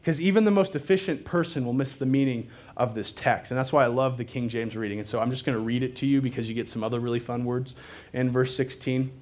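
A man's voice: medium pitch, fast talker, darkish tone. A man preaching a sermon to a live congregation in a loose, conversational way, with fillers and self-deprecating asides.

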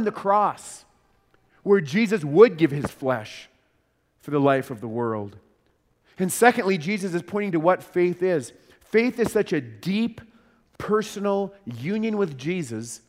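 A man preaching a sermon as pastor, earnest, often repeating words for emphasis and voicing the crowd in quick asides. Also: on the high side, long reverb tail.

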